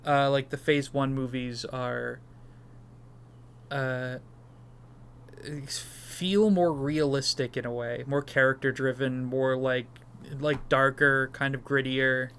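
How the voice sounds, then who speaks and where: A man's voice: medium pitch, steady tone, takes it slowly, a bit bright, a little hiss or hum. A man co-hosting a casual movie discussion podcast, rambling and swearing freely. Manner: rambling, swears casually, does silly beep noises. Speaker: podcast co-host.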